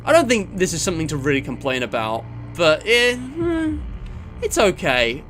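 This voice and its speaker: A man's voice: high voice, wildly swooping pitch, normal speed, a bit bright, slight background noise. A man from England chatting casually on a live stream, rambling with lots of fillers and self-deprecating asides. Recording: music playing under the voice.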